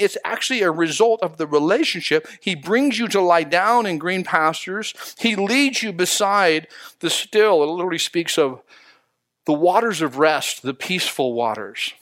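A man's voice: fairly high pitch, fairly bright tone, dry recording, studio quality. Man preaching in a casual, conversational way. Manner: conversational preaching, rhetorical questions, slows for emphasis. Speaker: pastor. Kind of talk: sermon.

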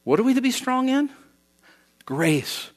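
A man preaching a sermon, animated, acting out quoted voices and swinging from loud to soft. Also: extremely high pitch, unhurried. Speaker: pastor.

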